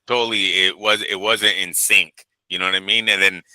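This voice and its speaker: A man's voice: sits low, steady tone, normal speed, pushed and bright, no echo, poor audio. A man co-hosting a boxing talk show, chatting casually in an emphatic, teasing and opinionated way. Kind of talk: casual chat.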